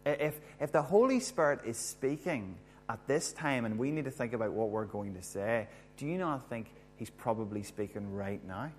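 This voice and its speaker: A man's voice: mid-range voice, animated, moderate pace, hardly any pauses, faint music behind. A man preaching a sermon, talking in a conversational way and putting questions to his listeners. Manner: conversational, asks the audience questions. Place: church hall with a screen.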